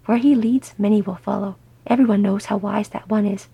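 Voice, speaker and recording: A woman voicing an eager young male dwarf, excited and persuasive. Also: mid-range voice, a little fast, gravelly, slightly rough.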